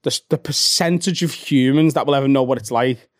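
A Scouse man in his thirties rattles through his stories at a quick clip, swearing freely and acting out little scenes. His voice sits at a middling pitch. It is recorded close and dry, with no room sound. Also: no room sound. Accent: Liverpool (Scouse). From Liverpool, England. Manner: fast, sweary, animated storytelling. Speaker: stand-up comedian, podcast guest. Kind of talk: casual chat.

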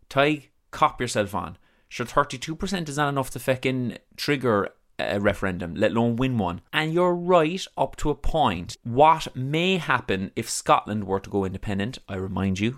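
A man with a Cork accent hosting a podcast, talking in a chatty, rambling, self-deprecating monologue. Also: on the low side. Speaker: podcast host.

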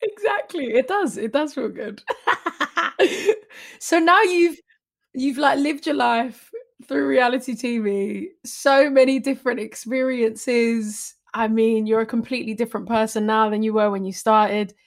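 A woman hosts a podcast chat with a slightly high voice, reacting eagerly and asking warm, probing questions. She laughs readily between her lines. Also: measured pace. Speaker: podcast host. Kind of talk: interview chat.

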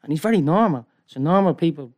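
Rambling, excitable man telling a story. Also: a little high, quick pace. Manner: rambling, excitable, tag questions like "right?". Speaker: guest. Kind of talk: animated storytelling in casual chat.

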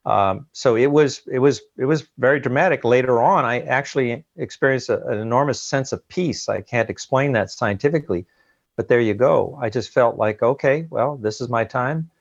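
A man as an interview guest, recounting an ordeal in an earnest, halting way and often repeating words, heard over a dull remote line. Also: medium pitch, gravelly, no room sound. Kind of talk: emotional interview account.

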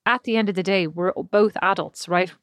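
A woman's voice: mid-range voice, normal speed, no echo, clean studio sound. A woman co-hosting a podcast, chatting casually and rambling, laughing often. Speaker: podcast co-host. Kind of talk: casual chat.

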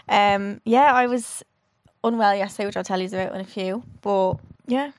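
A woman's voice: mid-range voice, normal speed, no echo, clean studio sound. A young woman co-hosting a podcast in casual chat, chatty and laughing often. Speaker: podcast co-host.

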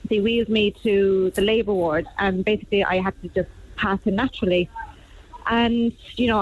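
A woman calling in to a radio show tells her story in a halting, heartfelt way. Her voice comes through a dull, muffled phone line at a middling pitch. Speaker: caller.

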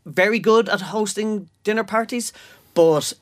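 A man's voice: high voice, measured pace, no room sound, studio quality. An Irish man co-hosting a podcast in casual chat, swearing freely and restarting sentences as he talks. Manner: animated, swearing, trailing restarts. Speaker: podcast co-host.

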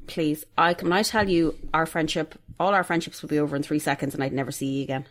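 A woman's voice: low-pitched, steady tone, fast talker. A young woman chatting casually, blunt and sarcastic, with a lot of swearing. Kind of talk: casual chat.

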